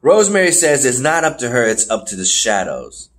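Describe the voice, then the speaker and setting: A man's voice: medium pitch, big pitch swings, brisk. A man hosting a podcast, casually recapping wrestling shows and acting out the wrestlers in put-on voices. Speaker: podcast host.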